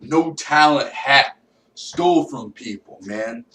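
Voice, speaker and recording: A man's voice: medium pitch, animated, slow pace, bright, forceful tone. A man delivering a profane, rambling comedic monologue and talking to himself. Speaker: vlogger. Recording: roomy echo, distant from mic.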